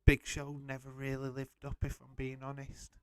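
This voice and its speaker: A man's voice: mid-range voice, completely flat delivery, normal speed, clear, resonant tone, no room sound. A man hosting a live watch-along stream, chatting casually and bluntly, swearing and greeting viewers. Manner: blunt, swears freely, reads out viewer comments. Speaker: wrestling watch-along host.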